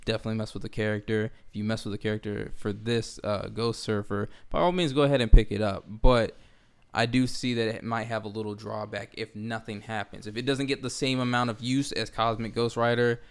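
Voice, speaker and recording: A man's voice: on the low side, steady tone, a little fast, few pauses, clear, resonant tone. A young man co-hosting a casual chat show, laid-back and laughing easily. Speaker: co-host.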